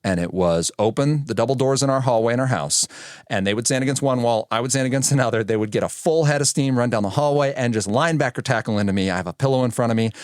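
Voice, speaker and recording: A man in his thirties, a podcast guest telling stories in a lively conversational way and acting out the voices he quotes. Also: medium pitch, fast, no room sound, studio quality. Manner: animated, acts out quoted voices. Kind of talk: conversational storytelling.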